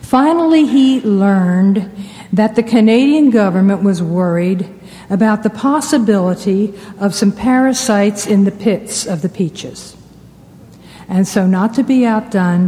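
Woman, Christian speaker, anecdotal sermon, warm tone, long hall reverb. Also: medium pitch. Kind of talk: storytelling sermon talk.

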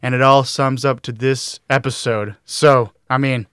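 A man's voice: medium pitch, fairly even intonation, measured pace, a bit bright, smooth, no room sound, studio quality. A young man hosting a college radio sports podcast in a booth, chatting in a rambling, joking way. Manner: rambling, joking, stumbling restarts. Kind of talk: casual chat.

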